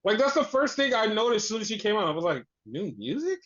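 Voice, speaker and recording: Casual podcast co-host, animated and profane, recapping wrestling over a dull, lo-fi recording. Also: medium pitch, very fast. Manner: animated, swears freely, acts out quotes.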